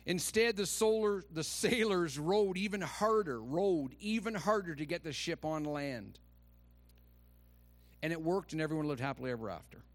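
A man's voice: a little high, normal speed, no room sound. A man preaching a sermon in a church, emphatic and calling on the congregation to repeat after him. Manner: emphatic, calls for congregation response. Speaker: pastor.

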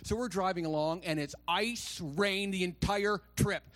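A pastor with a high voice preaches a little slowly and with hardly any pauses, recounting a personal story and reading scripture. He acts out quoted voices, and his quiet asides swing to loud, rising exclamations.

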